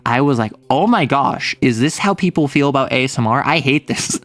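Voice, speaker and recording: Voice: medium pitch, expressive, brisk, a bit bright, dry recording. Young streamer joking around with chat, teasing, dry close mic, faint music behind. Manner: playful, teasing, lots of laughs and mock threats. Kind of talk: casual livestream chat, reading chat aloud.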